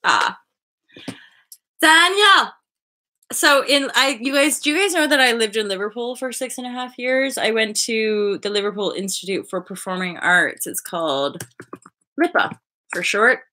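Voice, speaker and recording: A woman hosting a spiritual livestream, chatting casually and rambling with her viewers, often jumping into high excited asides. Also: moderate pace. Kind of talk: casual chat with live viewers.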